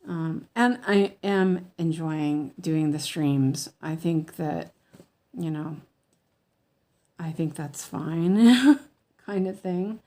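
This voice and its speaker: A woman's voice: lowish voice, a little mellow. A woman chatting casually while she cross-stitches on a livestream, rambling with fillers and restarts and a slight lisp. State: slightly lispy from medicine.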